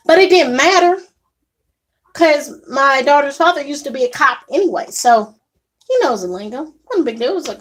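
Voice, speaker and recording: A young woman casually telling an indignant story to camera, animated and quick to act out what others said. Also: sits high. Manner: animated, indignant retelling with acted quotes. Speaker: vlogger.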